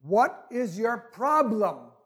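A deep, calm voice speaks from above, as a man puts it on. It is slow and unhurried. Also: full character voice.

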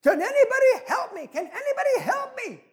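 A man voicing a panicked male tourist hanging off a cliff, pleading in a high frantic voice. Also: very animated, moderate pace, heavily acted.

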